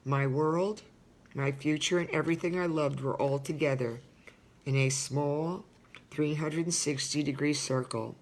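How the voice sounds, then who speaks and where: A woman's voice: low-pitched, steady tone, unhurried, a little mellow. Older woman earnestly reading her memoir. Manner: earnest, marks dialogue by saying quote and end quote. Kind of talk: reading a personal memoir aloud with spoken asides.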